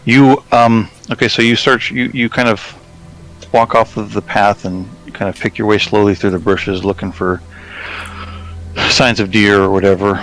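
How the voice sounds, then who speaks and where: Low-voiced male game master. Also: steady tone, fairly bright tone, faint music behind, low-quality recording. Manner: casual, halting narration with restarts. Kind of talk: narrating a tabletop game.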